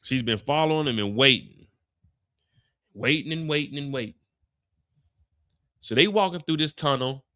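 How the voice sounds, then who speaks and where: A man's voice: mid-range voice, normal speed, pauses often. A man hosting a live after show, recapping an episode casually and acting out the characters' lines as he goes. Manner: animated storyteller, acts out characters' lines.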